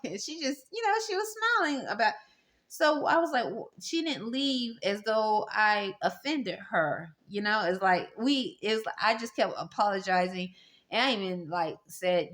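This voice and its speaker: A woman rambling through a personal workplace story, halting and restarting often, with an apologetic tone. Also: mid-range voice, fairly bright tone. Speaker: vlogger recounting a workplace story.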